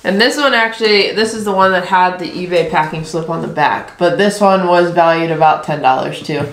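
A woman's voice: fairly low pitch, a little fast. A woman co-hosting a casual vlog, explaining items in a plain, matter-of-fact way. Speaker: co-host. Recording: echoey room with faint noise.

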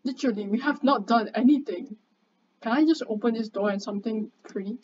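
A young woman, chatting excitably and bossily with a friend while commenting on a game, swearing casually. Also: on the high side, fairly quick. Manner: excitable, chatty, bossy banter. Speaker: gamer. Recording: dull lo-fi mic, faint background noise.

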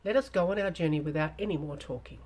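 A woman's voice: low-pitched, fast talker, a little mellow, a little hiss or hum, lightly acted. A woman reading a crafty withered old hag. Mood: coaxing. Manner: pleading, insistent, old-fashioned speech.

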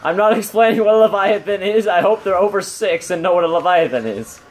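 High-voiced young man gaming. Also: fairly quick. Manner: laughs often, playful banter. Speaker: channel host and gamer. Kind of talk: casual gaming commentary.

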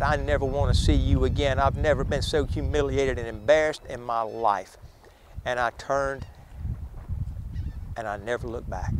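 A man's voice: on the high side, slight background noise. Man telling a dramatic ghost story. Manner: dramatic retelling, acting out quoted speakers. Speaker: ghost tour guide. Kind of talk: storytelling ghost tale to a tour group.

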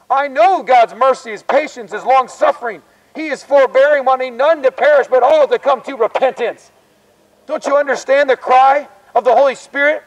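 A man with a very high voice preaches in the open air on a college campus. He exhorts his listeners urgently and with fervor, pressing them to repent. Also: poor audio. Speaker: street preacher.

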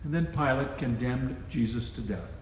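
A man's voice: medium pitch, normal speed, darkish tone. A man reading scripture aloud at a worship service, raising his voice for the quoted lines. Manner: raises his voice for quoted speech. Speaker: scripture reader. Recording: echoey church with long reverb, faint hiss.

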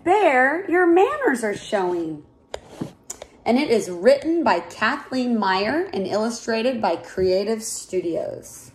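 High-voiced woman reading a storybook. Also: slow, slight background noise. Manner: clear, expressive read-aloud. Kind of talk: reading a picture book aloud.

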